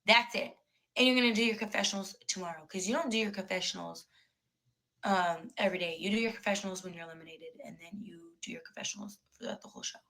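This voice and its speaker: An animated young woman telling a story. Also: mid-range voice, quick pace, low-quality recording. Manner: animated, profane, acts out quoted exchanges. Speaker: reality show contestant telling her story. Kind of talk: storytelling interview clip.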